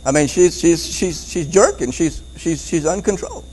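A man preaching a Bible-teaching sermon, animated, often repeating words and chuckling as he goes. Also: fairly high pitch, moderate pace, a little hiss or hum, poor audio.

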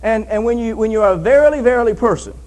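High-voiced emphatic preacher. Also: male voice, racing, a little mellow, rough recording. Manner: emphatic, repeats phrases, reads scripture aloud. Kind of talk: sermon.

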